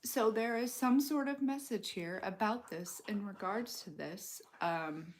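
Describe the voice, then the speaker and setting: A young woman talks her way slowly through an intuitive reading. She rambles, circling back with lots of "you know" and "like" as she goes. Her voice sits at a middling pitch and moves at an unhurried pace. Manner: slow, rambling, full of fillers. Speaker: intuitive reader. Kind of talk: casual spoken tarot-style reading.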